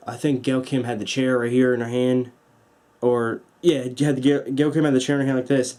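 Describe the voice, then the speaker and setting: A young man with a mid-range voice sits at a table at home, reviewing a wrestling show into his camera. It's a casual, excited rant in which he swears freely and acts out the moves with sound effects.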